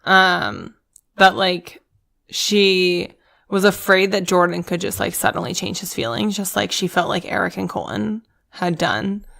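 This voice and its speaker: A woman's voice: lowish voice, unhurried, vocal fry, a bit bright. A woman co-hosting a podcast, chatting casually and emphatically about a reality show. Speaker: podcast co-host.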